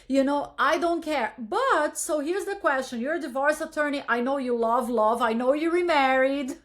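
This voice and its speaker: With a high voice, a moderate pace and hardly any pauses, a widowed podcast host chats casually with a guest. She is candid and emphatic, swearing now and then.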